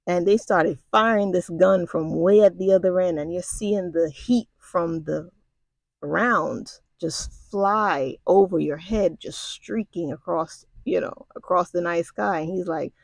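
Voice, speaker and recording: A woman's voice: on the low side, a little slow, vocal fry, no echo. A middle-aged woman casually recounting a personal story, talking in a conversational, colloquial way with frequent asides to the listener. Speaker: storyteller recounting military basic training.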